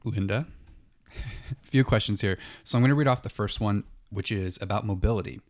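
A man with a fairly low voice co-hosts a casual podcast. He reads listener questions aloud steadily and in a relaxed way. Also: a little fast. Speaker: podcast co-host.

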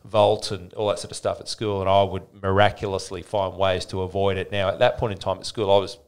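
Man, forties, low voice, rambling storyteller, podcast guest. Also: a little fast, clean tone. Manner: rambling, animated storyteller with frequent restarts. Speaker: podcast guest, fitness business owner. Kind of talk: casual interview storytelling.

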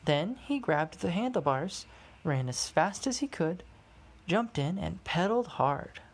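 A woman reading a children's storybook aloud, measured and expressive. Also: on the low side, husky. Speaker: storybook reader.

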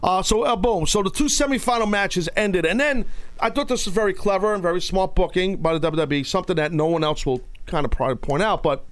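A man hosting a wrestling podcast, talking casually and loudly, with playful outbursts. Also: high-pitched, fast talker, no room sound. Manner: loud, playful, breaks into shouting bits. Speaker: podcast host. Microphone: studio mic.

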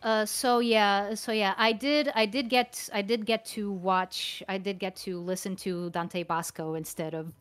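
A woman's voice: medium pitch, steady tone, measured pace, hardly any pauses, clear, resonant tone, faint music behind. A woman talking casually as a guest about dubbing work, often stopping to restart and repeat her phrases. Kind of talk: casual conversation.

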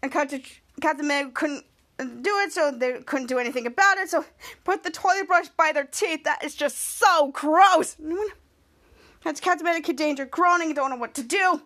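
A woman's voice: sits high, a little fast, bright, forceful tone. A woman podcast host recapping a TV episode scene by scene, with stumbling restarts.

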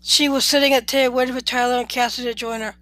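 A woman's voice: fairly high pitch, steady tone, fast talker, fairly bright tone, poor audio. A woman reading a story aloud in a plain way, often stumbling and restarting words.

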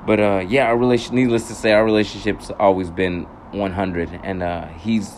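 Against slight background noise, a young man with a low, darkish voice tells a meandering story to his viewers at a moderate pace and in a level tone. Profanity comes often, and he corrects himself and laughs at how angry he gets.

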